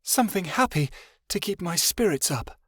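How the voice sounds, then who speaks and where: A man voicing a young female dragon who is gentle, tearful and defiant, in an emotional, pleading manner. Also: high voice, lively intonation, moderate pace, slightly rough, no room sound, clean studio sound, pitched above the performer's own voice, full character voice. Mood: wistful.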